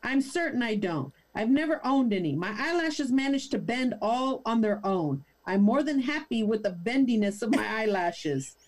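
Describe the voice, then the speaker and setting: A woman host reads a story aloud and keeps breaking into laughter. Her voice sits fairly high and swings a lot. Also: big pitch swings, moderate pace, hardly any pauses, darkish tone. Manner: amused, laughs often.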